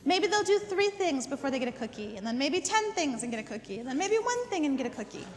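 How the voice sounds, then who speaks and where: A woman's voice: high voice, big pitch swings, quick pace, in a large hall. A woman teaching a dog training class. She gives step-by-step instructions, repeats words for emphasis and often checks in with "okay?". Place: indoor dog training facility.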